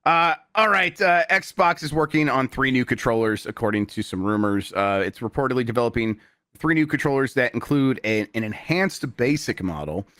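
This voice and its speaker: A man's voice: medium pitch, moderate pace, dry recording, clean studio sound. A man hosting a casual games podcast, reading out news with lots of fillers and easy laughs. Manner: relaxed, laughs often, many fillers. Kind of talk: casual panel chat.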